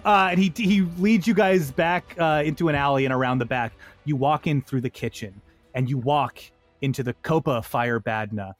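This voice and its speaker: A man narrating as game master of a comedy tabletop game, animated and joking. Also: medium pitch, faint music behind. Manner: animated, joking, quick asides.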